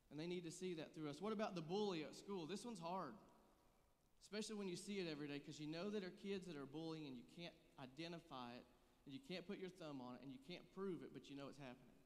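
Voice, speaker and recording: A man's voice: fairly high pitch, big-room sound. A man in his thirties preaching a sermon, conversational and joking, growing earnest and intense. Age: 30s. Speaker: pastor.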